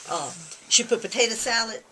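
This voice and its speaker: A woman's voice: on the high side, lively intonation, fairly quick, bright, forceful tone, slight background noise. An older woman, a grandmother, telling rambling family stories in a home kitchen, recorded on a home video camera, with hesitant restarts and chuckles. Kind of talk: family storytelling over breakfast.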